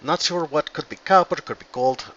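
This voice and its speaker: A man voicing Dorian, a gruff dwarf mine boss, in a put-on Russian accent and broken English. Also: on the high side, moderate pace, a bit bright, muffled recording, slight background noise, pitched above the performer's own voice, lightly acted. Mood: musing.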